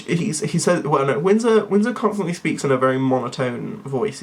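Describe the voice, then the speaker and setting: A man's voice: brisk, hardly any pauses. Rambling young guy vlogging. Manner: rambling, tangent-prone, jumpy pitch. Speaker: YouTuber. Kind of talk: casual rambling monologue.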